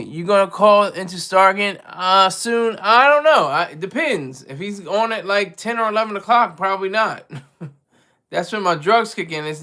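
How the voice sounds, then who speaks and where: A man's voice: sits high, bright, forceful tone. A man chatting casually on a livestream from home, rambling and self-deprecating, with many restarts. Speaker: livestream co-host and regular caller.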